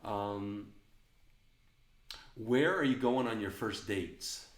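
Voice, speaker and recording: A man's voice: on the low side, very slow, slight background noise. A man hosting a live client Q&A, talking bluntly and emphatically with some joking. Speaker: matchmaking agency host. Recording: echoey room.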